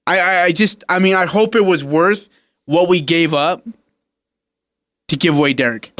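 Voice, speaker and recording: Animated opinionated radio sports host, man. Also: high voice, moderate pace. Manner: emphatic, opinionated. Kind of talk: casual sports talk.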